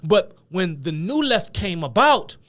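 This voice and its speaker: A man's voice: sits high, big pitch swings, measured pace, a bit bright. A man giving lecture-style video commentary as a political commentator, emphatic and conversational with casual slang.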